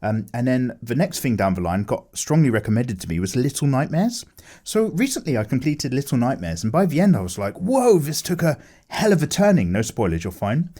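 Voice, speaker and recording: A man casually chatting with viewers while drawing, animated, with lots of fillers as he reads chat aloud. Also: medium pitch, a little fast. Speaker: art streamer chatting with viewers.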